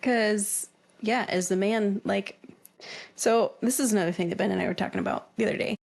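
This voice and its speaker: A woman in a relaxed podcast conversation, backing up her co-host with steady murmurs of agreement. When she speaks at length, her tone turns earnest and reflective. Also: mid-range voice, a little fast, vocal fry. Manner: supportive listener, frequent agreeing murmurs. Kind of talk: casual chat.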